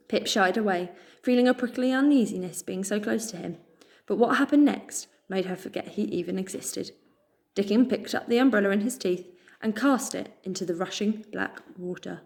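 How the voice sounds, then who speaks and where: A woman with a British accent reading a children's chapter book aloud, expressive and cheerful. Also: mid-range voice, normal speed. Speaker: storyteller.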